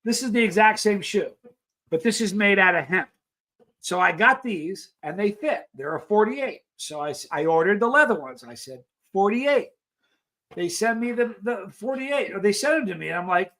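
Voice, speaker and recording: A man's voice: high-pitched, lively intonation, normal speed, pushed and bright. A man hosting a live stream, chatting casually with viewers, reading their messages and telling rambling stories. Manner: rambling storyteller, reads chat aloud.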